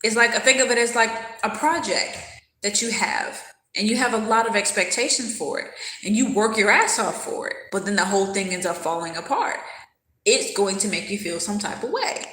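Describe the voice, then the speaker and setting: On a roomy, low-quality recording, a woman with a sharp, medium-pitched voice and lively intonation talks at a moderate pace. Hosting a casual livestream, she eats and responds to viewers' comments in a candid, thoughtful way.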